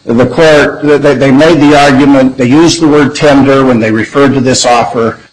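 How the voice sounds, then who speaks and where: A man presents a legal argument to appellate judges in a mid-pitched, ordinary voice. He speaks in a measured, deliberate way and often backs up to restart his phrases. His tone stays formal and courtroom-bound throughout. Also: fairly even intonation, rough recording. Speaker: attorney.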